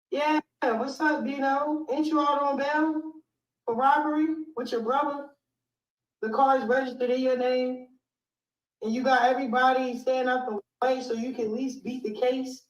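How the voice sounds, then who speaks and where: Woman livestreamer, high-pitched, accusing rant, roomy far-off lo-fi replay. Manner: accusing, taunting. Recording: distant roomy lo-fi clip.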